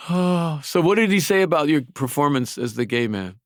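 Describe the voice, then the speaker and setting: A man's voice: on the high side, expressive, no room sound, studio quality. A middle-aged man co-hosting a podcast, playful and teasing in casual chat. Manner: playful, teasing, quick to laugh. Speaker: podcast co-host.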